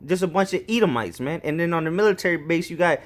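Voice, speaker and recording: A man's voice: a little high, animated, fast. A man giving loose, slangy commentary on scripture verses, ending his sentences with "man.". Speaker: street preacher.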